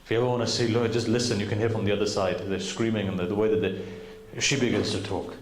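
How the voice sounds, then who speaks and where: A man preaching with a lowish voice, earnest and direct with his listeners. His voice rings around a big roomy hall, with faint noise behind it. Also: fairly even intonation, fast talker. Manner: earnest, addresses the audience directly. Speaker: preacher at a majlis. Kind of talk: sermon storytelling.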